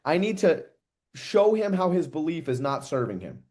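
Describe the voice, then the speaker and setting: A man coaching a sales trainee, talking fast, casual and direct with slang. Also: on the high side, very animated, a little mellow. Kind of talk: coaching call feedback.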